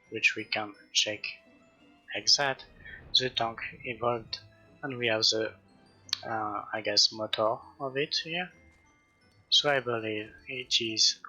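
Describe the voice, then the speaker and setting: A man hosting a gaming channel, commenting casually and a little haltingly over his gameplay. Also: medium pitch, husky. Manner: relaxed, halting, with fillers.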